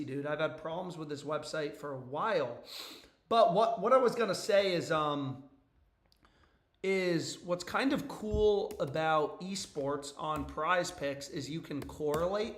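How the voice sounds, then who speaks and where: A young man with a hoarse, worn-out voice, chatting casually on a live stream about sports bets, loose and profane. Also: a little high, reverberant. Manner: loose and profane, frequent "bro" and "dude" asides. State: hoarse, voice nearly gone.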